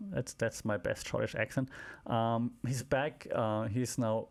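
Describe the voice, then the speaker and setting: A man's voice: mid-range voice, flat delivery, measured pace, gravelly. A man hosting a wrestling podcast, recapping shows in a casual, rambling way with many fillers, restarts and wry asides.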